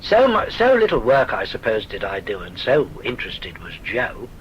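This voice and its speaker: A man's voice: fairly low pitch, wildly swooping pitch, moderate pace, lo-fi sound, a little hiss or hum. An older man with a southern English accent, genteel and wry, telling his memories for a recorded oral history. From south of England. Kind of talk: recorded reminiscence.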